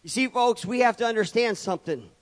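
His voice is very high-pitched and a little fast as this pastor delivers a sermon in church. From the pulpit he repeats phrases to build his points and calls on the congregation for amens.

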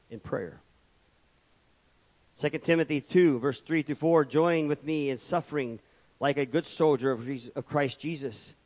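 A man preaching a sermon from the pulpit, building points through repetition and calling out for amens. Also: fairly high pitch. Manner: preaching with rhetorical repetition and calls of amen. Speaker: pastor. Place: church.

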